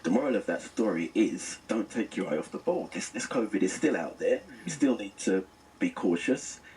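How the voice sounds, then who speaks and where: A middle-aged man as a radio guest, earnest and animated, telling stories as he reviews the news. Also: on the low side, normal speed, far from the mic, rough recording. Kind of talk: casual radio chat.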